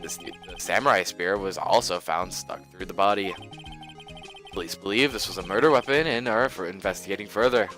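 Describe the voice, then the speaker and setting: A man's voice: sits low, a little fast, pushed and bright, soft background music. A man voicing a stiff male TV news anchor in a formal, announcer-like read. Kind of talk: game dialogue read aloud.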